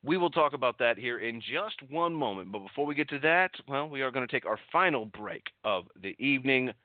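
A man's voice: medium pitch, animated, a little fast, no room sound. Man talking over a tinny line. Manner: loose and chatty, swears freely. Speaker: radio show host. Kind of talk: casual live show recap. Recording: tinny phone-like line, dry.

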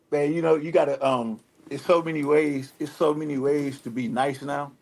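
A man with a Detroit accent, guest on a radio interview, talking in a relaxed, rambling way full of fillers and restarts. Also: a little high, creaky. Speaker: rapper guest. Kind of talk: casual interview talk.

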